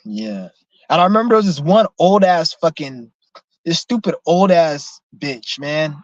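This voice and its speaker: A young man telling a profane, animated story in a casual vlog rant. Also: fairly high pitch, unhurried, no echo, lo-fi sound. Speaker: vlogger.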